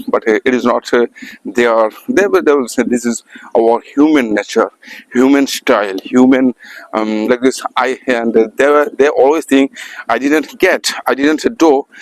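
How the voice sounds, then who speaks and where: Halting Indian-accented man practicing English. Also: medium pitch, dry recording, low-quality recording. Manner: halting, searching for words, many restarts. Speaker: English learner practicing speaking. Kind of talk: unscripted practice monologue.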